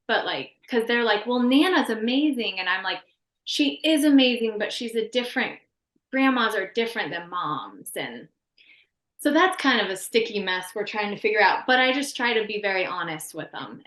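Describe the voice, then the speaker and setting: A woman's voice: mid-range voice, fairly bright tone, reverberant. A woman in her thirties earnestly sharing a personal story as a podcast guest, rambling with many restarts.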